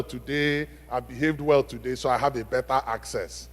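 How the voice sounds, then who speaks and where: A man preaching a sermon, emphatic, asking the congregation questions and swinging from loud to hushed. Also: medium pitch, steady tone, moderate pace, few pauses. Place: church sanctuary. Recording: long reverb of a church hall.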